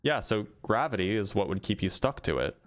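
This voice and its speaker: A man hosting an online debate, calmly asking short probing questions and repeating them. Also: on the low side, brisk. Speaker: debate streamer host.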